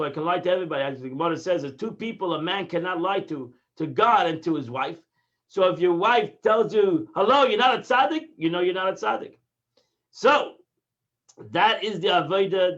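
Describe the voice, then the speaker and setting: A man teaching a daily Torah lesson as a rabbi, emphatic, with his voice rising and falling as he stresses points. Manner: emphatic teaching with swings in pitch and loudness. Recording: dull lo-fi audio.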